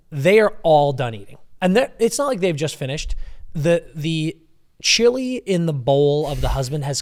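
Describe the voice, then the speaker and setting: A young man co-hosting a podcast, telling a story in an animated, casual way and swearing freely. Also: on the high side. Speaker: podcast co-host. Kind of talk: casual chat.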